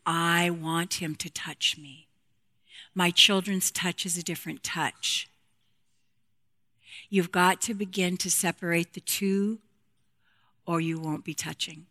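A woman's voice: fairly low pitch, steady tone, takes it slowly, pauses often, pushed and bright. A woman speaking frankly to a women's group about marriage and intimacy, playful and direct, acting out quotes from couples.

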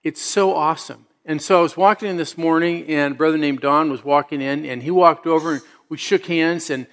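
A middle-aged man delivers a sermon in a relaxed, storytelling manner. His voice sits slightly high for a man. He moves from easy anecdotes into earnest, rising appeals to his congregation. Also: brisk. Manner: conversational storytelling with emphatic rising exhortations. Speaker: pastor.

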